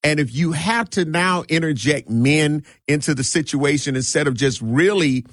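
A man hosting a morning radio talk show, talking in an animated, slangy, emphatic way. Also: fairly high pitch, moderate pace, dry recording, studio quality.

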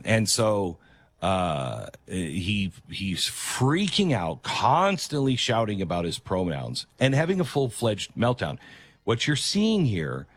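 Emphatic male talk host, lively pitch. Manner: emphatic, repeats key phrases. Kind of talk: opinion commentary monologue.

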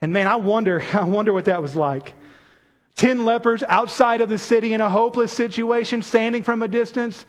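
A man preaching a sermon as pastor, speaking in an animated way and calling on his congregation to respond. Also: high voice, fairly quick.

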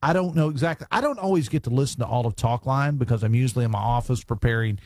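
A man hosts a radio talk show, chatting casually with folksy jokes, plenty of fillers, and joking asides while reading listener texts. His mid-range, darkish voice moves fast, recorded dry and clean on a studio microphone.

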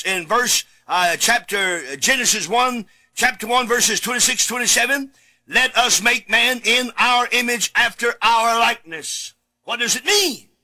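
A male preacher delivering a sermon, reading scripture and repeating key words with emphasis, sometimes shouting. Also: very high-pitched. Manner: reads scripture aloud in old Bible wording.

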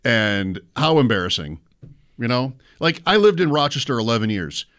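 A man co-hosting a sports radio show, wry and quick to get worked up over small gripes. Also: mid-range voice, very animated, a bit bright.

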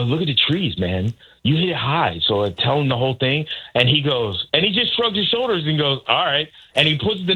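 A man's voice: fairly high pitch, breathy edge, narrow, tinny audio. A man, a caddy, telling a story and acting out the voices of the people in it. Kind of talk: animated storytelling.

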